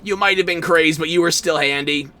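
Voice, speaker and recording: A man's voice: fairly high pitch, fairly quick, bright, forceful tone. A man streaming a game, giving casual commentary in a wry, sarcastic way and bantering with chat.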